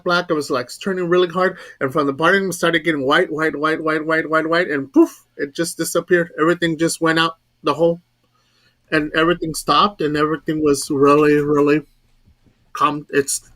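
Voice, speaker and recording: A man tells a ghost story in a loose, chatty way, with a somewhat high, bright voice. He repeats words over and over and acts out the dialogue as he goes. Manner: repetitive, rambling retelling with quoted dialogue. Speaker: guest storyteller. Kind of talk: casual storytelling.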